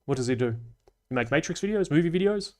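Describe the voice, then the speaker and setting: A man's voice: on the high side, expressive, fast. Australian man hosting a livestream. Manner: chatty and analytical, dry asides and Aussie slang. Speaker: livestream host. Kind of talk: casual livestream debrief, reading comments.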